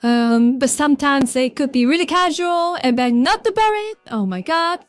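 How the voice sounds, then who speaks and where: A woman's voice: high-pitched, animated, normal speed, no room sound. A woman with a Vietnamese accent chatting casually on a livestream, rambling and greeting viewers from chat by name. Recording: faint background music.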